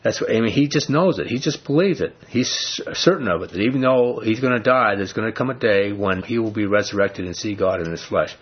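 A man's voice: fairly low pitch, expressive, a little fast, hardly any pauses, husky. A man teaching from the Bible in an earnest, folksy way, full of "I mean" asides. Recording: dull lo-fi recording.

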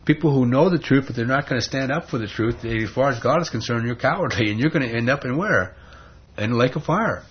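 A man with a husky, breathy voice preaches a sermon, emphatic and conversational, throwing rhetorical questions at his listeners. The recording sounds dull and lo-fi. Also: medium pitch, animated, brisk.

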